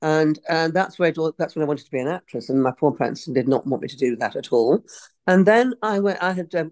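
An English actress in her 60s, appearing as a guest in a casual interview, chats away, drifts off on tangents and giggles often. Her voice is low and slightly mellow, recorded dry with no echo.

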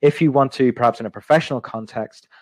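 A man's voice: medium pitch, quick pace, a little mellow, no room sound. A young adult man leading an intercultural communication session, talking thoughtfully with frequent ums and restating his points. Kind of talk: reflective teaching talk to an online group.

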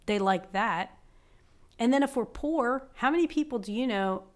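A woman's voice: on the high side, lively intonation, normal speed. A young adult woman with a West Virginian accent, co-hosting a casual podcast, frank and ranting, with lots of "like". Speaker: podcast co-host.

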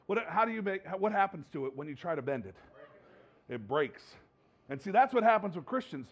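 A man's voice: high-pitched, sing-song, a little fast, muffled recording. A man preaching a sermon to his congregation in a conversational way, often repeating and restarting his words. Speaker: pastor. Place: church sanctuary with congregation.

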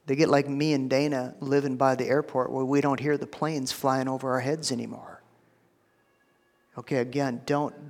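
A man's voice: medium pitch, in a large hall. A man preaching a sermon in a casual, conversational way, often repeating words and saying "you know.". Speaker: pastor.

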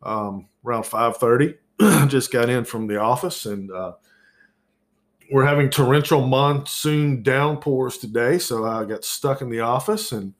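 This solo podcast rant about the news comes from a man with a mid-range voice at an unhurried pace. Over-caffeinated, he's profane and sarcastic, exasperated to the point of loud outbursts.

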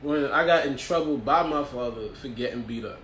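A man's voice: medium pitch, brisk, far from the mic, a little hiss or hum. A man chatting casually in a laid-back way about his family. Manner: laid-back, drops to a hushed voice when quoting. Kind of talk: casual chat. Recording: echoey, from off-mic.

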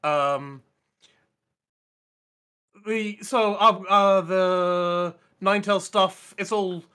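A man's voice: sits high, steady tone, extremely slow, pushed and bright, smooth. A man co-hosting a casual gaming chat, telling a long, rambling, enthusiastic story with lots of restarts. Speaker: podcast co-host.

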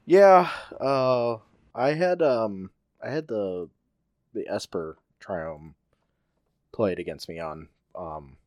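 A man's voice: fairly low pitch, slow pace, a little mellow, dry recording, studio quality. A man co-hosting a podcast over a video call, chatting casually and hesitantly, often repeating words. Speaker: podcast co-host. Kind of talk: casual chat about card games. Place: home, remote call. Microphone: computer mic on a video call.

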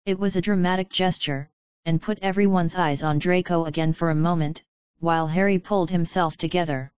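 Low-voiced woman reading a story aloud. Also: steady tone, a little fast, darkish tone, dry recording, lo-fi sound. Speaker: audiobook narrator. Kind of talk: scripted narration of a fan fiction chapter.

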